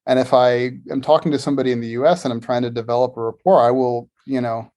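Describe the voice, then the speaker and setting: An American man with a Philadelphia accent, a guest in a casual conversation, speaking thoughtfully and haltingly with many fillers. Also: medium pitch, flat delivery, dark tone. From Philadelphia area, United States.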